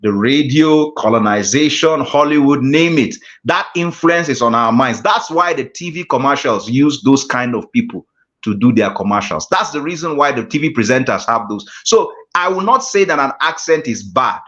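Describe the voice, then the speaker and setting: A man's voice: mid-range voice, lively intonation, moderate pace, fairly bright tone. A man, a guest speaker teaching an online class, talking emphatically and repeating his key phrases. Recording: dull lo-fi call audio.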